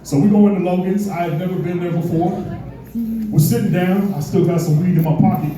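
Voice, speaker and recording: A man tells a crude story on an open-mic stage, his voice high yet dark. He swears freely and throws in quick put-on voices. The mic is heard from a distance in a boomy, echoing room. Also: faint music behind. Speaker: stand-up comedian. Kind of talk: stand-up set at an open mic.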